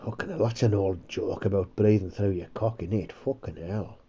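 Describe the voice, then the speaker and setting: A man's voice: on the low side, normal speed, warm tone, slightly rough, muffled recording. A man hosting a comedy podcast, rambling, sweary and self-mocking. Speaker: podcast host. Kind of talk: casual comedy chat.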